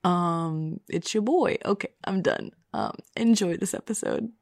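A woman's voice: fairly low pitch, big pitch swings, a little slow, gravelly, darkish tone, dry recording, studio quality. Chatty young woman hosting a podcast. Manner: rambling and chatty, with frequent fillers and self-corrections. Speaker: podcast host. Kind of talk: casual podcast intro.

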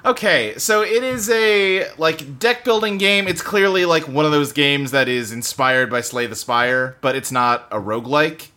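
A man's voice: fairly high pitch, measured pace, hardly any pauses, bright, forceful tone. A man co-hosting a casual chat about games from his home office, speaking loosely with lots of fillers and the odd curse word. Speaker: podcast co-host. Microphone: desktop computer setup.

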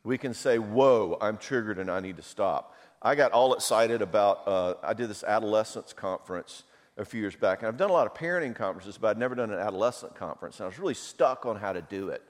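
A man's voice: lowish voice, fast talker. A middle-aged man giving a conversational talk, telling personal stories and acting out the voices he quotes. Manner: animated storyteller who acts out quoted voices. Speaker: speaker on marriage and anger. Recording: long hall reverb.

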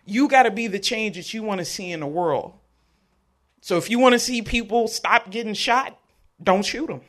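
A man tells a personal story live on stage. His voice sits high for a man and rings bright and forceful. He delivers it in an animated way and jokes with the crowd. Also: normal speed. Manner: animated, joking with the audience. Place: live event venue.

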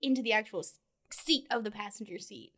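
A woman co-hosting a casual movie podcast, animated, laughing often and trailing off mid-thought. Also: medium pitch, fairly quick. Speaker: podcast co-host. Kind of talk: casual movie-review chat.

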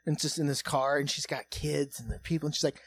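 Profane, animated man telling a story. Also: a little high, quick pace, slightly rough, no echo. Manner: profane, animated, swings between hushed and loud. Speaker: comedy podcast host. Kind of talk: casual comedic storytelling.

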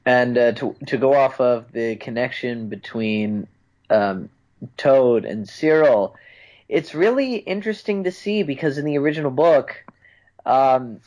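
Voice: mid-range voice, lively intonation, measured pace, a little mellow, rough recording. A co-host in a casual film discussion who talks hesitantly, with many ums and restarts. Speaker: podcast co-host.

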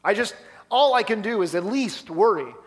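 A man preaching a sermon in a storytelling style, with animated delivery and acted-out quotes. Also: high voice, normal speed. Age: adult, past college. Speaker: pastor.

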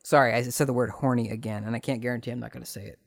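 A man hosting a solo podcast, casually recapping an old TV episode with rambling asides and animated retelling. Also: medium pitch, racing, vocal fry, dry recording, clean studio sound. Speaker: podcast host.

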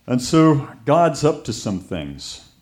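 A man delivers a sermon at a slow pace and medium pitch, telling a story full of lively anecdotes and acting out the voices of the people he quotes.

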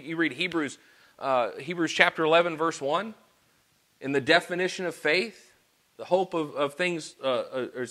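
A high-pitched man preaches a sermon with earnest feeling. He shifts between quiet personal confession and loud, emphatic rhetorical questions.

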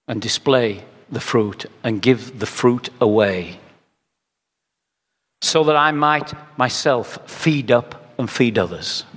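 A man's voice: medium pitch, a bit bright, breathy edge. Older guy preaching, rhetorical repeats, sermon in a big reverby hall. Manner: conversational storytelling with rhetorical repetition. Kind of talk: sermon with anecdotes.

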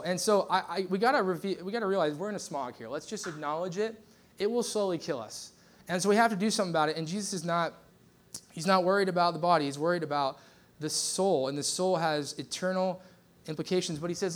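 Chatty, animated man preaching a sermon. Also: sits high, brisk. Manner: conversational, animated storytelling with lots of fillers. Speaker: pastor.

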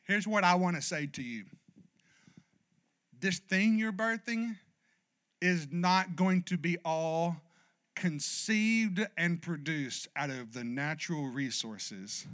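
A man's voice: on the high side, slow pace. A man preaching a sermon as pastor, emphatic and passionate, calling for "amen" from his congregation. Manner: builds to loud, passionate exhortation.

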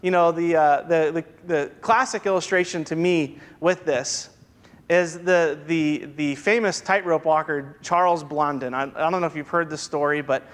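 A man's voice: on the high side, fairly even intonation, moderate pace, a bit bright. A man preaching a sermon as a pastor, reading scripture and dropping wry asides. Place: church sanctuary. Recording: long reverb from a church hall.

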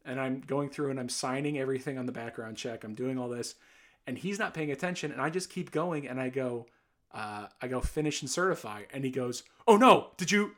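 Young man, casual storytelling, mid pitch, rambling, exasperated. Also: fairly quick. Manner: rambling, exasperated anecdote with quoted dialogue.

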